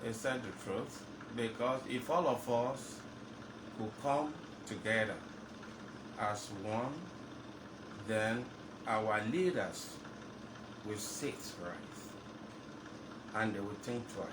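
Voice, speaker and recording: A pastor on a radio talk show, a man who speaks slowly and with weight on each point. He sits some way back from the microphone, so his voice sounds distant and roomy. A steady hum runs beneath him. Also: lowish voice. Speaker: pastor and studio guest. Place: radio studio.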